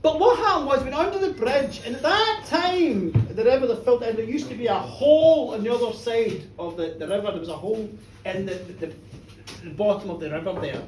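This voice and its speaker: Cheeky middle-aged lady telling a story live, high voice, echoey room from far off. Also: a little fast. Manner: animated, cheeky, chats with the audience. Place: pub bar, live show. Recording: roomy pub, from a distance, faint room noise.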